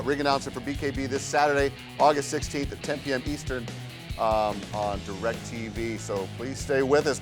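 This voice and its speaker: A man hosting a sports talk show, upbeat with filler hesitations. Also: mid-range voice. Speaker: show host.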